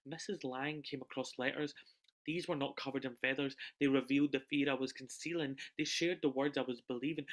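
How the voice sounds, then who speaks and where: A young British man performing an emotional autobiographical stage monologue over a video call, swinging between loud bursts and hushed lines. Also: mid-range voice, steady tone, fairly quick. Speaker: solo performer.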